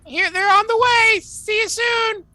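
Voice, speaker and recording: A man voicing a flock of excited, chattering crows in a tabletop game, with a shrill squawking chant. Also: measured pace, no echo, full character voice. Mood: frantic.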